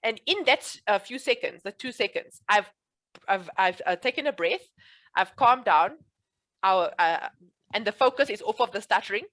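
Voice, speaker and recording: A woman's voice: medium pitch, animated, normal speed, a bit bright. A woman working as a speech coach in a one-on-one session, earnest and reassuring as she explains things. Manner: earnest, reassuring, repeats promises.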